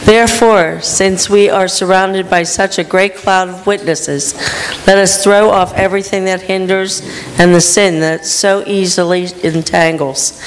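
A woman reading scripture aloud during a church service in a measured, steady way. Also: medium pitch. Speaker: scripture reader. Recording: reverberant church hall.

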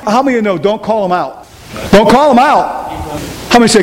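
A man with a high-sitting voice preaches briskly to a congregation in a large room with an audience. He's emphatic and keeps repeating rhetorical questions. The recording has a long hall reverb and faint hiss.

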